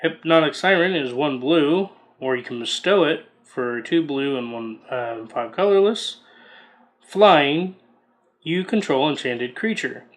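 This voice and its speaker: A man sits with a pile of booster packs and reads each card's text aloud in a slow, easygoing drawl. His voice sits a little high for a man, and he muses between cards in an unhurried, chatty way. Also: expressive. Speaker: card collector opening booster packs. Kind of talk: casual unboxing commentary.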